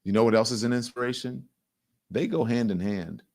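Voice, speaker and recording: A man's voice: mid-range voice, fairly quick, a little mellow. A man hosting a live commentary show, conversational and emphatic. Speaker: show host.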